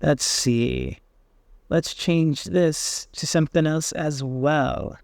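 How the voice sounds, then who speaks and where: A man hosting a software tutorial, casually thinking aloud with fillers as he tries things on screen. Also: fairly high pitch, wildly swooping pitch, slow pace, gravelly, no echo, studio quality. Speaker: tech tutorial host. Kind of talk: screen-recorded software walkthrough.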